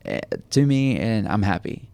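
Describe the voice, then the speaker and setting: A man's voice: on the low side, big pitch swings, moderate pace, vocal fry, mellow, smooth, no room sound. A man co-hosting a podcast in casual chat, rambling with many fillers and teasing his friends. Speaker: podcast co-host.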